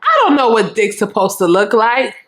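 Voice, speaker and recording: A young adult woman vlogger telling a storytime in a frank, animated and profane way, acting out what people said. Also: a little high, moderate pace. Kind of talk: casual storytime.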